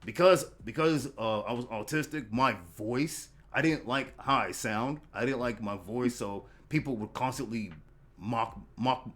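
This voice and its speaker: Man, podcast host, casual chat, halting, repeats words, mid pitch. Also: a bit bright. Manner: halting, repeats words, many "you know" fillers.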